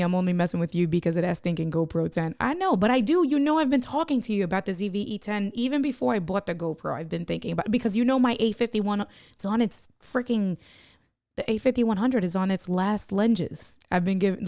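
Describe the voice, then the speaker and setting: A woman's voice: medium pitch, normal speed, no echo. Chatty woman live-streaming, dry sound. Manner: animated, joking with chat, reads out comments. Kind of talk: casual live-stream chat.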